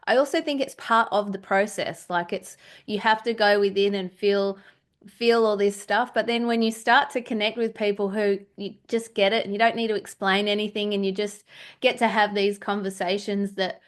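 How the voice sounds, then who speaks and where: A woman's voice: mid-range voice, fairly even intonation, moderate pace. Giggly Australian woman hosting a podcast. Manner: giggly, chatty, trails off with fillers. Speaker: podcast host. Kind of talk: casual chat.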